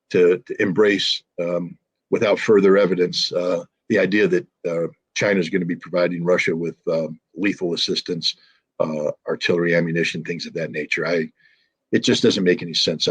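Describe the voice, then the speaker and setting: Husky man, animated political commentary. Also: low-pitched, normal speed. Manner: hesitant fillers, then animated and emphatic. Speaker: guest analyst. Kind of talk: interview commentary.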